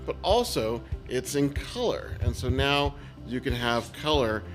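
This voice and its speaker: A man co-hosting a casual chat show, talking in a relaxed, conversational way with frequent fillers. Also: medium pitch, measured pace, soft background music. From California. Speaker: co-host.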